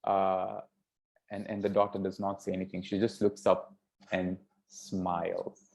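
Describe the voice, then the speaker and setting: Slow, measured male storyteller. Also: low-pitched, monotone, gravelly, darkish tone. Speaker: speaker at a yoga festival. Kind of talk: inspirational storytelling talk. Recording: dull lo-fi sound.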